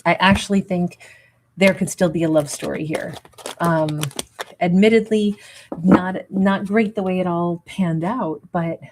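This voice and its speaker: A woman's voice: on the low side, measured pace, darkish tone, a little hiss or hum. A woman hosting a livestream tarot reading, talking in a peppy, emphatic way and greeting viewers with endearments. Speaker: tarot reader and livestream host.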